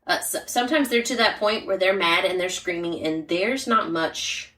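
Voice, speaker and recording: Woman, podcast co-host, casual chat, blunt and straightforward, lowish voice, echoey room. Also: normal speed, bright, forceful tone. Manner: straightforward, chatty, many "like" fillers and murmured agreement. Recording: roomy and distant from the mic.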